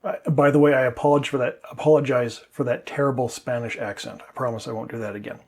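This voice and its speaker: Male English teacher, slightly high, husky voice, patient step-by-step explainer. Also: darkish tone.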